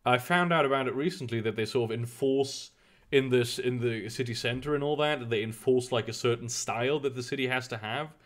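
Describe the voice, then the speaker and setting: This streamer has a medium-pitched voice and talks fairly quickly. Live on stream, he reads the news and responds to chat in a rambling, profane, exasperated way, with frequent restarts, in casual commentary style.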